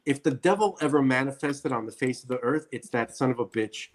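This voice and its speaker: A man with a middle-pitched voice talks in a casual podcast chat. He rants bluntly and hammers his points with repetition. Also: fairly quick. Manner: blunt, ranting, emphatic repetitions. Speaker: podcast co-host.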